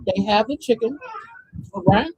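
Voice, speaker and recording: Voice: medium pitch, lively intonation, a little slow, muffled recording, a loud crowd. A speaker telling a long story in casual chat, rambling with many fillers.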